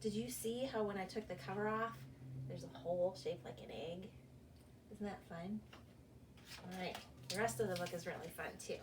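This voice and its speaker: A woman's voice: mid-range voice, normal speed, pauses often, distant mic, noisy background. A young woman, a children's librarian, leading a cheerful virtual story time with sing-song questions for kids.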